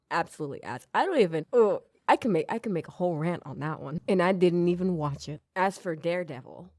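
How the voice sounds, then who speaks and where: A woman's voice: low voice, darkish tone, no room sound, clean studio sound. A young woman hosting a podcast, chatting casually and with strong opinions, trailing off into little rants. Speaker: podcast host. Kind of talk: casual recommendation chat.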